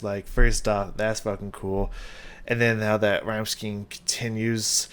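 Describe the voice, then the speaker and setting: A man hosting a casual reaction video, excitable, swearing often and laughing between thoughts. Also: fairly low pitch, unhurried, smooth.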